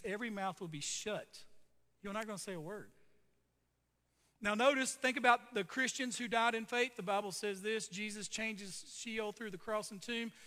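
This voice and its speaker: A man's voice: high-pitched, bright, forceful tone, big-room sound. A man preaching a sermon as a pastor, telling a story in a conversational way with frequent asides to the congregation.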